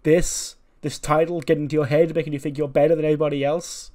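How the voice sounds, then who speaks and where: Stern veteran wrestler dad, earnest and forceful, lines lifted in pitch , as a man puts him on. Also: steady tone, unhurried, close to an everyday voice. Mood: angry. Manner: earnest, pleading then challenging. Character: weary veteran male wrestler, stern father.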